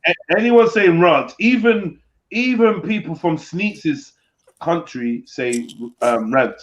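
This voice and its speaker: A man's voice: a little high, lively intonation, slow pace, dull audio. A man hosting a casual live stream, teasing and mimicking accents with frequent laughs.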